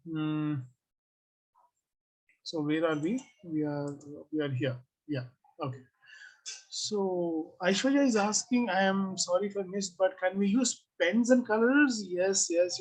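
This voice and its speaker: Husky-voiced design teacher on a video-call mic, asks the class questions and reads out their comments, mid pitch. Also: low-quality recording. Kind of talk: online class review.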